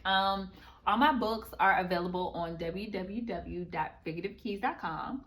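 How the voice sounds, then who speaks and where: A woman's voice: medium pitch, moderate pace, a bit bright. A young adult woman, a guest author, chatting casually in an interview, upbeat with frequent ums and restarts.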